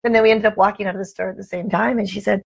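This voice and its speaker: Through poor camera-mic audio, a woman rattles off a casual live morning chat to camera, upbeat and greeting viewers by name. A motivational vlogger, she has a steady, mid-range, husky voice with vocal fry.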